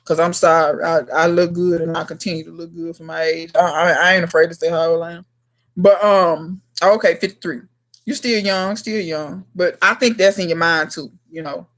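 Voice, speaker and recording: A woman in her thirties hosting a casual livestream chat, talking bluntly to her viewers in slangy, emphatic speech. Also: on the low side. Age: 30s. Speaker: gardening channel host.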